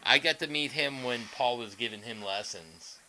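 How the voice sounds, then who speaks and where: A man's voice: medium pitch, normal speed, pushed and bright, a little hiss or hum, rough recording. A man guitarist chatting casually on a live stream, rambling, greeting viewers and showing licks. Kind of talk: casual livestream chat.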